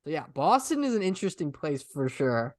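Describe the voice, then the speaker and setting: A man's voice: on the high side, big pitch swings, fairly quick, a little mellow, dry recording, studio quality. A young man co-hosting a casual podcast, rambling with lots of "I mean" and "literally". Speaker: podcast co-host. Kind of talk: casual chat.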